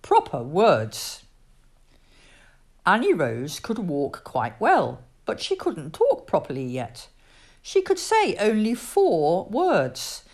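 Woman narrator for a kids' storybook, slow and very animated delivery. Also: medium pitch. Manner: expressive storytelling with put-on voices. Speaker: storybook reader. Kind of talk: read-aloud children's storybook.

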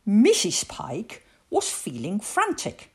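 A woman reading a children's storybook aloud in an expressive storytelling voice. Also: medium pitch. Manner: expressive, slow, lively storytelling.

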